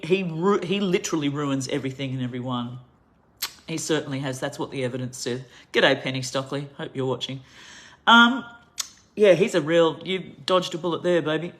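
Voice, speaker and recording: A woman's voice: deep voice, a bit bright. A middle-aged Australian woman giving an angry, impassioned monologue straight to camera, ranting with heavy emphasis. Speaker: vlogger.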